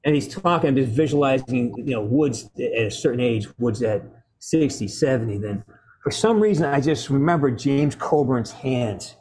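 A middle-aged man, a guest actor on a video call, telling stories with loud bursts, restarts and salty language. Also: medium pitch, normal speed.

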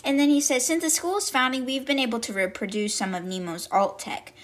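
A woman's voice: fairly even intonation, fairly quick. A woman hosting a podcast, casually retelling a book chapter and reacting to it, talking loosely with lots of fillers like "like" and "I guess.". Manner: chatty, full of "like" and "I guess" fillers; reacts with sudden high-pitched exclamations. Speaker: podcast host. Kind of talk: casual book recap and commentary.

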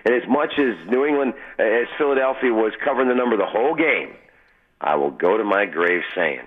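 Fast-talking man on a phone line. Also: on the low side, expressive, breathy edge. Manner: boastful, fast storytelling. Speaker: sports betting tout, radio guest. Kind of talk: casual radio interview. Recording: phone-line call-in audio.

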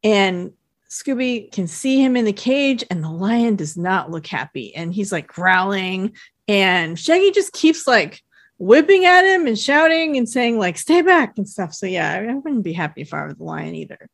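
A woman's voice: mid-range voice, lively intonation, normal speed, gravelly, no echo, studio quality. A woman co-hosting a podcast, casually recapping a cartoon episode and quoting characters in put-on voices. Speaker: podcast co-host.

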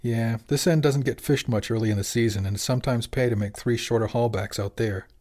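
A man's voice: mid-range voice, brisk, darkish tone, lightly acted. Middle-aged fishing skipper, easygoing, plain-spoken, audiobook, male reader.

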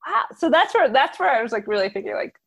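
A woman with a New Jersey accent, co-hosting a podcast in casual chat, lively and full of fillers. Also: sits high, fast, creaky. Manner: chatty, lively storytelling with many fillers. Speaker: podcast co-host.

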